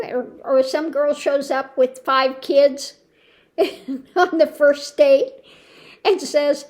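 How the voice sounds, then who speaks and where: Talking slowly in a high-sitting voice with lively intonation, a tarot channel host chats to camera from her home. Her casual talk rambles, with plenty of restarts and disbelieving exclamations.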